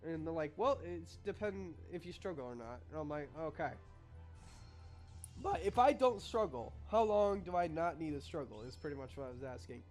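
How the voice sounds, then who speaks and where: A young man with a somewhat high-pitched voice spins a casual, rambling story. He swears freely and acts out both sides of each conversation. Faint music plays quietly in the background. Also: lively intonation, normal speed. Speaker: vlogger.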